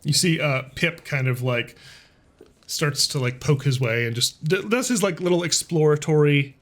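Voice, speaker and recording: A man's voice: on the high side, moderate pace, fairly bright tone. A man narrating as game master in a tabletop game, casual and amused, with many fillers.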